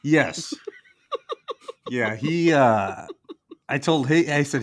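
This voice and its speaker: A man's voice: mid-range voice, animated, drawn-out words, long pauses. A man co-hosting a comedy podcast, telling rambling jokey stories in a casual chat. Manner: rambling, jokey storytelling with lots of laughs. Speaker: podcast co-host.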